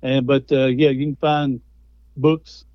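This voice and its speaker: A man's voice: medium pitch, level tone, slow pace, no echo, highs cut off. A man, a guest speaker and author telling stories in a folksy, conversational way. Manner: folksy storytelling. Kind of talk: conversational interview.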